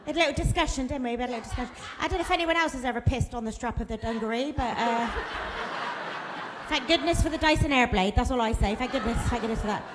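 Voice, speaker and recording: A woman's voice: a little high, fast talker, background noise. A woman, doing a bawdy stand-up set and chatting with the crowd. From Plymouth, England. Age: 40s. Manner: bawdy, chatty, laughing at her own jokes, quizzing the crowd. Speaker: stand-up comedian. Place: comedy club room.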